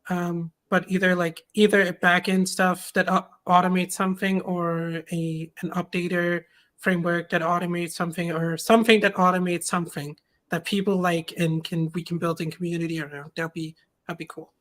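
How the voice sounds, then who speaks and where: A woman's voice: fairly low pitch, level tone, moderate pace, a bit bright. A young woman, an open source maintainer, chatting as an interview guest and rambling as she searches for words. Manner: rambling, searches for words with many ums and likes. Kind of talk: casual interview chat.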